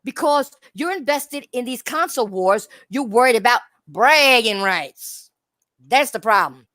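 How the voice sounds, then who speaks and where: A woman's voice: fairly high pitch, animated, unhurried, a bit bright, dry recording. A woman hosting a gaming talk channel, ranting heatedly with mocking rhetorical questions. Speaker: channel host.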